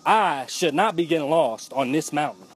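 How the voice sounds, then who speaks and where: A young man with a fairly high voice tells a comic story in a loose, profane, animated way. He is outdoors on a mountain, with faint noise in the background. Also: normal speed. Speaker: comedian telling a story.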